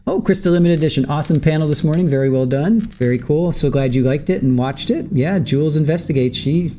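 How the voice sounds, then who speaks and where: A man's voice: a little high, quick pace, warm tone, slight background noise. A man hosting a livestream, greeting viewers from the chat by name and chatting casually while waiting for court to start. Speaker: livestream host.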